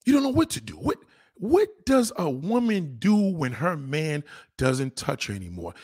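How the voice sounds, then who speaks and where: A man's voice: fairly high pitch, big pitch swings, moderate pace, a little mellow, breathy edge, no room sound, clean studio sound. A man hosting a crude, heated commentary rant, talking straight at his viewers. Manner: blunt, crude and heated, addressing viewers directly. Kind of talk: profane relationship rant.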